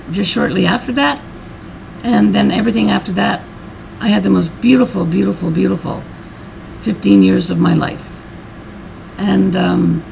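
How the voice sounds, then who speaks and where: A woman's voice: mid-range voice, gravelly, darkish tone, a little hiss or hum, low-quality recording. A middle-aged woman vlogger telling a personal story in a heartfelt, rambling way, repeating her words and getting emotional.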